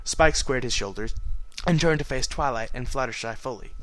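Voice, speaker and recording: A young man reading a fan story aloud, narrating in a relaxed, playful way. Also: medium pitch, no room sound, poor audio. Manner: playful, quick to joke. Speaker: fan fiction reader. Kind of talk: storybook narration with off-script asides.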